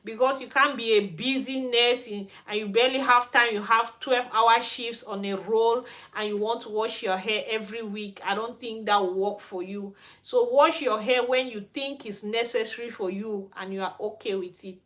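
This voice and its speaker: A woman's voice: fairly high pitch, fairly even intonation, moderate pace, few pauses, a bit bright. A woman from Cameroon with a Cameroonian accent, talking frankly on a livestream as host of her hair care channel. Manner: frank, ranting. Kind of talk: livestream chat. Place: Sweden.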